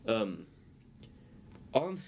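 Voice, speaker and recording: A man's voice: lowish voice, sing-song, very slow, creaky, a little mellow, slight background noise. A young man with a Birmingham accent, co-hosting a casual chat podcast and telling a long story with many restarts. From England. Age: young adult. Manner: rambling, storytelling with restarts and laughs. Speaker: podcast co-host.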